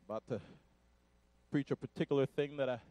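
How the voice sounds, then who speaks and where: A man preaching a Pentecostal sermon, shouting in call-and-response and dropping to quiet asides. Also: medium pitch, fairly quick, dry recording. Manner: breathless, drops to quiet asides. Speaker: pastor.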